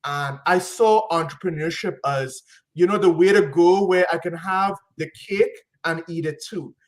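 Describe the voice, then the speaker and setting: Man, podcast guest, upbeat, slangy catchphrases, higher pitch. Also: normal speed. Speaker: guest, business consultant. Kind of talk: casual interview chat.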